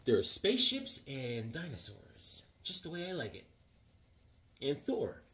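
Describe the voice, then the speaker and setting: A comic collector hosting a casual comedic chat talks in a slightly high voice with wildly swooping pitch, unhurried and fairly bright, over a little hiss or hum. Leafing through comics, he rambles and jokes, wandering into silly asides, goofy voices, and songs.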